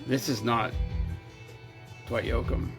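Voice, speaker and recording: A man's voice: medium pitch, fairly even intonation, slow, over music. A man hosting a casual chat show, talking bluntly and teasing his co-host.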